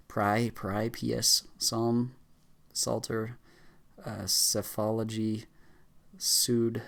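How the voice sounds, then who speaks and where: A man YouTuber reading a dictionary aloud as a speedrun, rattling off words quickly and stumbling and restarting now and then. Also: lowish voice, level tone, gravelly, a bit bright. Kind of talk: rapid list reading for a speedrun challenge.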